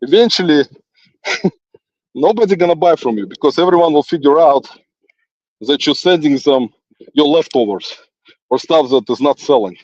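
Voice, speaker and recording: A man's voice: a little high, animated, moderate pace, long pauses, a little mellow, no echo. Teasing man with an accent, walking outdoors. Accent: non-native English. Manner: teasing, chuckles often, addresses an absent critic. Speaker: livestream host. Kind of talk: rambling monologue while walking. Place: outdoors in a forest. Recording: dull, lo-fi phone sound.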